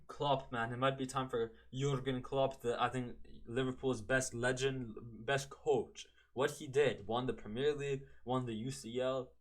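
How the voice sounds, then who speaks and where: A man talks football on his solo podcast in a loose, rambling way. His voice sits at an average male pitch. He keeps second-guessing himself and drops "man" into nearly every thought. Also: a bit bright. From Canada. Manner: rambling, self-correcting, keeps saying "man". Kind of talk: casual solo podcast chat.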